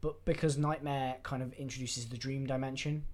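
A man with a mid-range voice co-hosts a casual chat. He is relaxed and reads notes aloud as he goes, filling gaps with ums and uhs. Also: mid-range voice, brisk. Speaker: podcast co-host.

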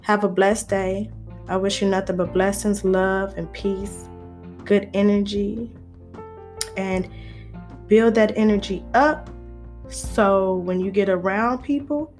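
A woman's voice: medium pitch, a little mellow. A woman vlogger, talking casually to her viewers, playful and preachy. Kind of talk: casual chat to camera.

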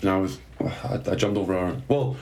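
A man's voice: low-pitched, moderate pace, a little mellow. A man telling a story in a casual chat, swearing, laughing and mocking himself. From Scotland.

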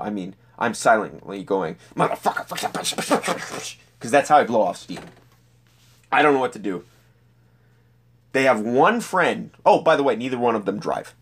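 A young man telling a personal story in a casual, profane, animated way. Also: medium pitch. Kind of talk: personal anecdote monologue.

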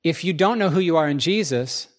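Conversational male preacher, slightly high voice. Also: animated, a little fast. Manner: conversational, asks the congregation questions, acts out quoted speech. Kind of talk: sermon.

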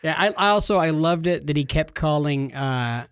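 Male co-host, fairly high voice, excitable and giggly, dry close recording. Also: normal speed, smooth, no room sound. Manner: excitable, laughs often, stumbles over names. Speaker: podcast co-host. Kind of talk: casual chat.

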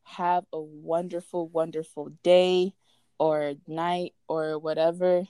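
A woman's voice: low-pitched, flat delivery, slow pace, mellow, clear, resonant tone, no room sound. A young woman co-hosting a casual podcast, playful and teasing, laughing often as she talks. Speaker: podcast co-host. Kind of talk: casual chat.

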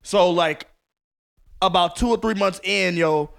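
Male podcast co-host, high bright voice, animated storyteller. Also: a little slow, gravelly, faint music behind. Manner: animated storytelling, swearing, laughing. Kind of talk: casual chat.

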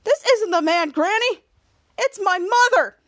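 A woman's voice: very high-pitched, lively intonation, a little slow, fairly bright tone, voice pushed up, exaggerated voice. A woman voicing a self-important male city official giving a public speech. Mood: indignant.

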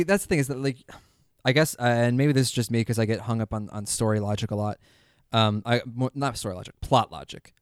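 Male podcast co-host, mid-pitch, dry close sound, animated and chatty. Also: clean tone, dry recording. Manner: animated, acts out scenes with quoted voices. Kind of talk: casual chat.

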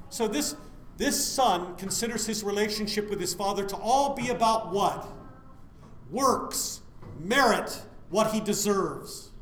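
A man's voice: high voice, animated, measured pace, a bit bright, reverberant, slight background noise. A man preaching a sermon, putting questions to his listeners and answering them himself.

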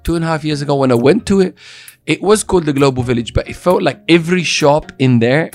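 A man's voice: a little high, quick pace, darkish tone. Playful male host, faint music behind. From expat living in Dubai. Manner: playful, joking, fond of trying silly accents. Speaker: show host. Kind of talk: casual chat.

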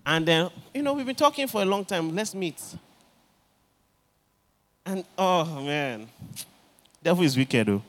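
A man preaching in a fairly high voice. He tells his stories with animation and slips into the voices of the people he quotes. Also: a bit bright. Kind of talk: sermon.

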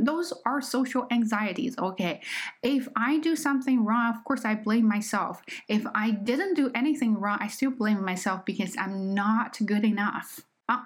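A woman with a Chinese accent, a native Chinese speaker and English teacher, talking earnestly and reflectively to her listeners in a casual solo podcast. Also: medium pitch. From China.

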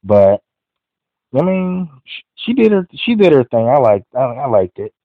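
A man's voice: mid-range voice, sing-song, unhurried, no room sound. A man hosting a podcast, giving a casual, rambling movie review full of "you know" fillers. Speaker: podcast host. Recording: dry, phone-like audio.

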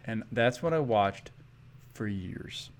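A man's voice: on the low side, animated, takes it slowly, crowd noise. A man from Chicago hosting an interview, enthusiastic and laughing often as he chats. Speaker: host. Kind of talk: casual interview chat.

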